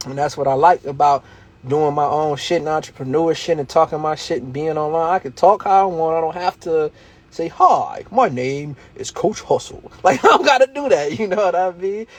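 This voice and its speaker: Guy going live, kinda high voice, slangy and hyped, coaching folks loose and casual. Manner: slangy, streetwise, motivational, laughs often. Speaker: livestream host, reselling coach. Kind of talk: casual livestream talk.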